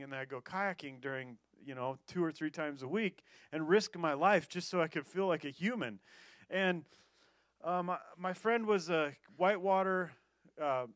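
A pastor preaching a sermon, telling a personal story in a lively, animated way with quick restarts. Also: male voice, fairly high pitch, no room sound.

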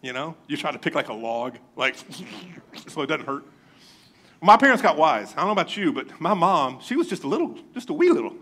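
A man's voice: on the high side, brisk. A man from Florida preaching a sermon as pastor, telling jokey childhood stories with lots of energy. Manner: animated, joking storyteller. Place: church.

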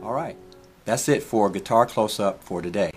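A man's voice: fairly low pitch, moderate pace. A man teaching a guitar strumming lesson, patiently calling out the strokes while he plays. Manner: patient, counts strums aloud over guitar.

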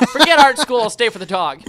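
A woman giggling and teasing while reading game lines during a comedic playthrough. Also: on the high side. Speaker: game player.

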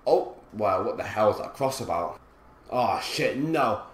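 A man commentating his own football video game play, frustrated and swearing, with sudden loud outbursts. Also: on the low side, a little slow. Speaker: gaming commentator. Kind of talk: gameplay commentary. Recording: roomy echo.

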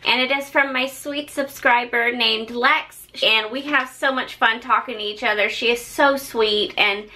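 Bright, slightly high female YouTuber, effusive and excitable, casual haul chat. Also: a little slow, hardly any pauses, low-quality recording. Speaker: YouTuber opening fan mail.

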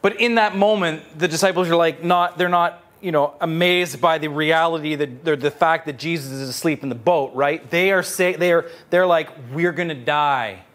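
Animated preaching man, slightly high voice. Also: moderate pace, hardly any pauses. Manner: animated storytelling, repeats phrases for emphasis. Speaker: pastor. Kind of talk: sermon.

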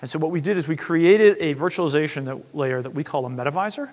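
A man's voice: on the high side, fast talker, darkish tone. A man giving a tech conference talk, explaining casually with frequent restarts and "you know" fillers. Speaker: conference speaker. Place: conference hall. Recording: reverberant hall.

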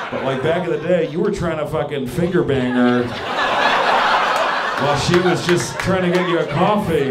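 A man doing a stand-up set on a club stage, self-mocking and quick, slipping into acted-out voices. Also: a little high, over a noisy crowd. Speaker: stand-up comedian. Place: comedy club stage before a laughing crowd. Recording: echoey club with audience noise.

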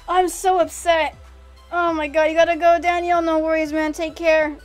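Her pitch is extremely high and her speed normal as a young woman plays a game on stream over soft background music. She talks casually with her audience, reads out and answers chat questions, and reacts loudly, anywhere from a mumble to a shriek of frustration.

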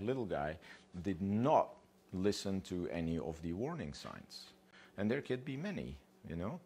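Guy with a really deep voice teaching about dogs, loose and animated, keeps saying yeah? and you know, swears a bit. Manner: animated, acts out dogs' thoughts in quick voices, swears casually; frequent "yeah?" and "you know" check-ins. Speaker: dog trainer. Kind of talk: lecture.

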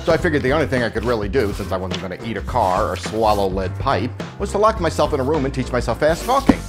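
A man in his sixties telling stories in a casual interview, now and then bursting into rapid-fire tongue-twisters. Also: mid-range voice, very animated. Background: background music.

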